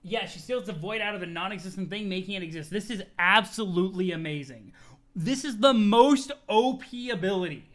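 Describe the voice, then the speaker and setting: A streamer reading a webcomic live, reacting in an excitable, chatty way. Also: mid-range voice, a little fast. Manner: excitable, chatty, swearing often.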